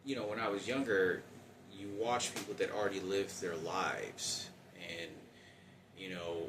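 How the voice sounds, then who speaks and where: A man in his forties talking in a halting, rambling personal monologue with many restarts. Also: low voice, reverberant, far from the mic, noisy background. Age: 40s.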